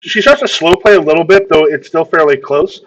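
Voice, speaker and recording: A man's voice: fairly high pitch, fairly quick, low-quality recording. A man narrating a tabletop role-playing game as game master, often repeating words as he describes the scene.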